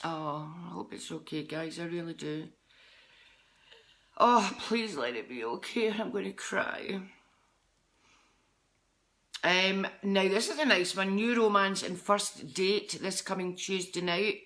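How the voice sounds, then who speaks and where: A woman's voice: fairly low pitch, steady tone, a little slow, a bit bright. A middle-aged Scottish woman, a psychic medium, chatting with viewers on a live stream in a rambling, chatty way. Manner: chatty, rambling, jumps between topics.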